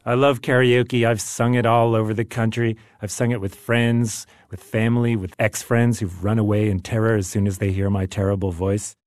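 A man's voice: on the low side, level tone, moderate pace, hardly any pauses, darkish tone, no echo, studio quality. A man reading aloud from his own memoir in a wry, self-deprecating storytelling manner.

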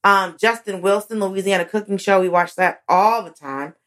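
A woman comedian chatting casually as a guest, an animated storyteller whose voice swoops high when she acts out moments. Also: normal speed. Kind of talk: casual interview chat.

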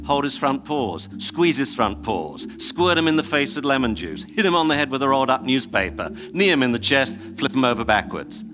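A man's voice: medium pitch, big pitch swings, a little fast, hardly any pauses, music in the background. A man giving a public talk, emphatic and exasperated as he tells examples.

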